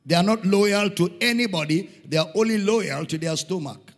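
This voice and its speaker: Emphatic Nigerian pastor, high voice, hall echo. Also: male voice, normal speed. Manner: emphatic preaching, repeating lines for stress. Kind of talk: sermon. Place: church hall. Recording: long hall reverb.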